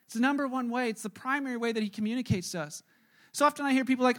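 High-voiced man preaching conversationally. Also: very fast, a bit bright. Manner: conversational, acts out quoted voices. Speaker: pastor. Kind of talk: sermon.

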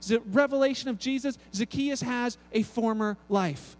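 A male pastor delivering a sermon, telling stories with lively acted-out voices and often repeating words as he goes. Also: extremely high pitch, moderate pace. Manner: animated storytelling, acts out voices, frequent repeated words.

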